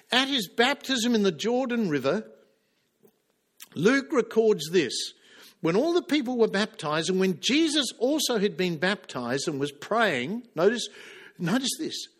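A man preaching a sermon with passion, acting out the quoted speakers' lines and dropping to a hush for emphasis. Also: sits high. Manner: impassioned, acts out quoted lines.

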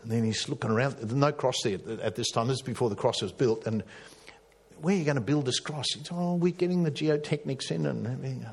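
A man preaching a sermon, telling a story with emphatic rises and hushed drops. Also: medium pitch, fast talker, husky. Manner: storytelling, rising to emphatic peaks and dropping to hushed tones.

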